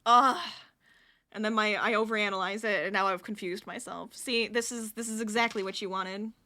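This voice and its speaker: A woman's voice: medium pitch, steady tone, moderate pace, sharp tone. A woman streaming live while she crochets, chatting and laughing with her viewers and counting stitches under her breath.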